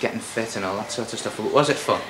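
An actor playing a brisk, chummy young man in a TV sitcom. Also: on the low side, noisy background, close to an everyday voice. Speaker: sitcom lodger character.

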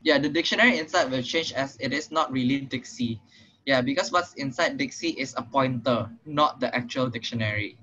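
A young man with a Singaporean English accent tutors programming in an online class, explaining casually with plenty of fillers and "right?" check-ins. His mid-range voice is bright, forceful, and slightly rough, his pace fairly quick, and he sounds slightly out of breath. The online call audio is muffled and lo-fi.

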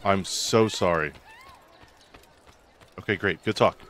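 A man's voice: sits low, takes it slowly, fairly bright tone. A man streaming a video game, chatting casually, joking and reading out viewer messages as he plays. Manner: joking, chatty, reacts aloud to the game and reads out chat. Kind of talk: casual gameplay commentary. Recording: game music playing underneath.

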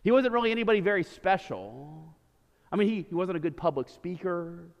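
A man preaching a sermon as pastor, animated, swinging from loud emphasis to quiet, low lines. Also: a little fast, muffled recording. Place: church sanctuary. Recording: reverberant church hall.

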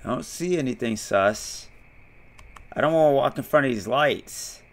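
A man's voice: medium pitch, animated, moderate pace. Jumpy, swearing man streaming a game. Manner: swears a lot, yelps and shouts when startled. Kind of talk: casual gameplay commentary.

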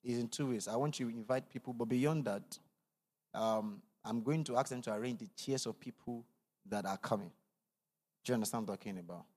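A man's voice: brisk, big-room sound. A man leading a church service as pastor, making announcements and leading the congregation in declarations. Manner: preacherly, rising to loud declarations; calm, low announcements. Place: church auditorium.

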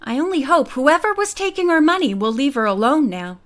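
A woman's voice: high voice, animated, brisk. A woman voicing a bold, kind teenage girl detective in an audiobook, speaking in a friendly, encouraging way.

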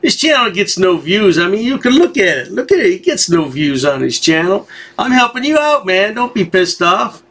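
A man's voice: high voice, very animated, normal speed, fairly bright tone. A man hosting a commentary channel, giving a sarcastic, taunting voice-over.

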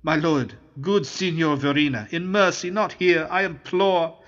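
A man's voice: on the high side, unhurried, fairly bright tone, dull audio, voice pushed up. A man reading the lines of a timid, kind-hearted old male moneylender in a piteous, imploring way. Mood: pleading.

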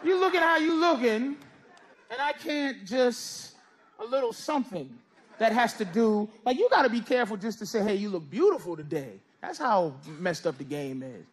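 A middle-aged man doing stand-up comedy and teasing people in the crowd, with loose, drawn-out delivery. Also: extremely high pitch, animated. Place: comedy club stage with a laughing audience. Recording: live stage recording with crowd and noise. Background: audience laughter.

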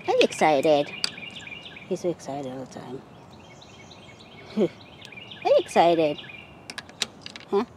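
A woman chatting casually while she walks through her backyard garden, sometimes calling to her pet rabbit in a high sing-song voice. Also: wildly swooping pitch, takes it slowly, pauses often. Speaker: vlogger giving a garden tour. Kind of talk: casual chat while walking. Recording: outdoor phone video with faint nature noise.

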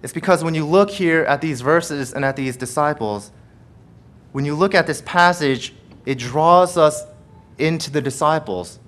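A pastor preaching a sermon with emphatic repetition and rhetorical questions, swinging between forceful passages and hushed prayer. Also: male voice, a little high, a little slow. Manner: emphatic preaching, rising loud then dropping to hushed prayer; repeats phrases and asks rhetorical questions.

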